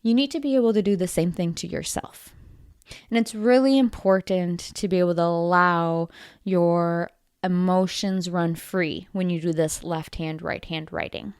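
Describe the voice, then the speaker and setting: A woman hosting a solo self-help podcast, coaching listeners in a deliberate, encouraging and gently playful way. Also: fairly low pitch, steady tone, smooth, dry recording, clean studio sound. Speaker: podcast host.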